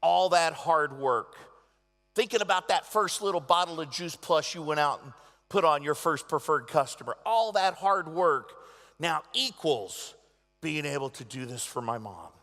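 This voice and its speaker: A man giving a motivational convention speech, telling stories dramatically and swinging between loud and hushed delivery. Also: fairly high pitch. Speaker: motivational speaker. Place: large convention hall. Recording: echoey convention hall.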